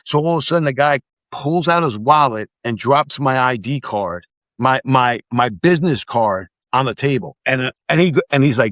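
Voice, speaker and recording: Middle-aged male podcast guest, mid-pitched, animated storyteller, dry close sound. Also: normal speed, no echo. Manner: animated storyteller, acts out quotes, swears. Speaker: podcast guest, former immigration officer. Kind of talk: casual storytelling in conversation.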